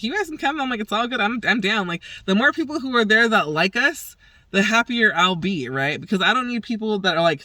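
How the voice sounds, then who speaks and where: Bright, profane woman rambling through a story. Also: fairly low pitch, no room sound, recorded from a distance. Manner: profane, acts out quoted dialogue, rambling. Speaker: podcast host. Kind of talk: casual storytelling rant.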